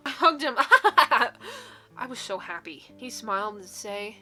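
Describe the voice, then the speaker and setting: A young woman with a bright, slightly high voice reads fan fiction aloud, hamming it up with mock drama and frequent giggles. Faint music plays softly behind her. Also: expressive, slow pace. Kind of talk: comedic dramatic reading.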